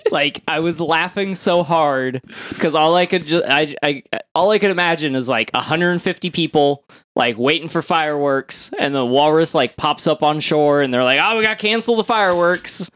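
A man's voice: on the high side, moderate pace, fairly bright tone, clear, resonant tone, no echo. A man co-hosting a casual comedy podcast, reading odd news and rambling with frequent laughs. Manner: rambling, laughs at own jokes.

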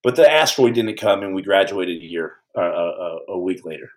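A man telling a story on his podcast in a casual, animated way, stumbling over restarts and acting out the quotes. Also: deep voice, a little fast, low-quality recording.

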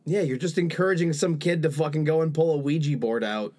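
A man's voice: on the high side, brisk, darkish tone. A man co-hosting a podcast, making dry, sarcastic jabs in casual crude chat. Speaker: podcast co-host.

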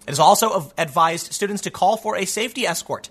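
A man's voice: high voice, animated, quick pace, a bit bright, slightly rough. A man hosting a sarcastic opinion monologue, rambling with frequent restarts. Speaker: commentary host.

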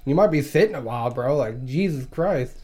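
A man's voice: medium pitch, expressive, fairly quick, darkish tone. A young man telling crude stories in casual chat, swearing and laughing as he talks. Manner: profane, laughing storyteller.

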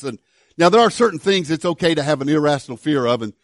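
Older male pastor, slightly high voice, chatty sermon delivery with dry close sound. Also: animated, quick pace, no echo. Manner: conversational, storytelling, self-deprecating humor.

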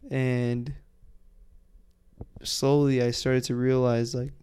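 A man co-hosting a podcast, telling a story in a casual, profane way and acting out the quotes loudly. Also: mid-range voice, flat delivery, slow pace, clear, resonant tone. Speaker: podcast co-host.

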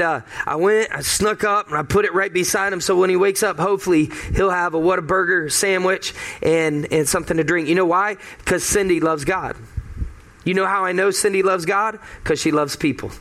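A man preaching with a high voice for a man, talking to his congregation in a loose, conversational way. He hammers points home by repeating them, building emphasis phrase by phrase. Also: a bit bright. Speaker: pastor. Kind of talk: sermon.

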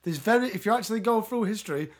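A man's voice: high-pitched, animated, racing, husky. A man, co-hosting a casual podcast, blunt and sweary, arguing his point. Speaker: podcast co-host.

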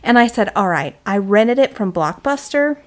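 A woman in her thirties co-hosting a podcast, telling a story in a casual, animated, self-mocking way. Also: medium pitch, normal speed. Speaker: podcast co-host. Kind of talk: casual chat.

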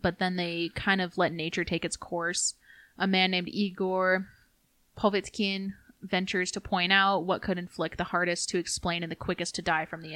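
A woman co-hosting a podcast, reading research notes in a steady, casual way and stumbling over foreign names. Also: fairly low pitch, no room sound. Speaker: podcast co-host.

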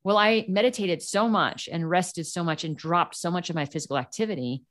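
Woman guest, low voice, animated storyteller who acts out quoted voices. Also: a little fast. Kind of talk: casual storytelling.

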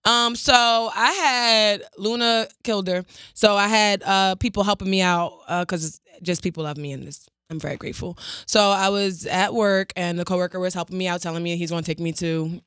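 A young woman hosting a podcast, telling a workplace story with animated impressions of coworkers and plenty of swearing. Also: lowish voice, moderate pace, clean tone, no room sound, studio quality. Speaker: podcast host and producer. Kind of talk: casual chat.

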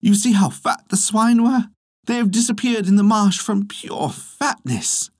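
Narrator putting on a high, brash young trickster. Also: very animated, normal speed, no echo, studio quality. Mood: scheming. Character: sly young male trickster servant.

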